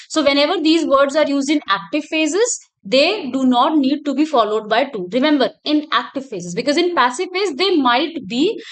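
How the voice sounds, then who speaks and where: Female teacher, high voice, explanatory lecture delivery that repeats its points. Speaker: English teacher. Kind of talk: recorded exam-prep lecture.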